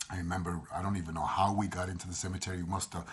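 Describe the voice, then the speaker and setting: A man's voice: low-pitched, little pitch movement, racing, husky. A middle-aged man with a Puerto Rican accent telling personal stories in a rambling, casual way, slipping Spanish phrases in. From Puerto Rico. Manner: rambling, repeats himself, mixes in Spanish phrases. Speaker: storyteller.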